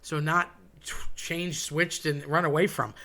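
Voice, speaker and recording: A man talks in a loose, chatty monologue, wandering into side stories and wry asides. His voice sits a little high for a man. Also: little pitch movement, unhurried, pushed and bright. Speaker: host. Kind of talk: casual monologue.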